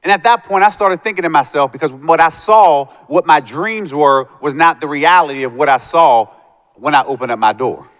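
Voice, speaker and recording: A motivational speaker with a slightly high, somewhat bright voice talks at normal speed to students. He tells his life story and acts out the voices of the people in it, with long hall reverb around him.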